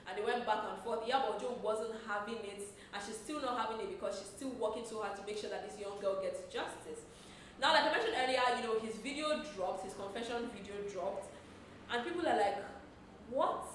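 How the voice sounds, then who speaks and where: A woman presenting entertainment news in an animated, chatty gossip style. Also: a little high, brisk, slight background noise. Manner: animated, expressive storytelling. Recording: roomy echo, distant from the mic.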